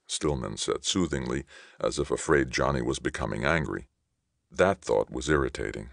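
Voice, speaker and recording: A man's voice: very deep voice, normal speed, creaky, dry recording. A man reading a science fiction audiobook aloud as narrator, on a close studio mic. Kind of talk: scripted narration.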